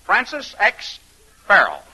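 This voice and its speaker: A man's voice: high-pitched, wildly swooping pitch, slow pace, sharp tone, heavily acted, poor audio. An actor playing a boastful young male ballplayer who stammers out excuses, in 1940s radio acting. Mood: cocky. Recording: old radio broadcast with faint hiss.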